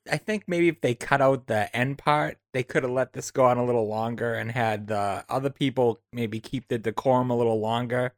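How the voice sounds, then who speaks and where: A man co-hosting a podcast, calmly picking apart a scene in casual chat. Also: mid-range voice, no room sound, clean studio sound. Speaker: podcast co-host.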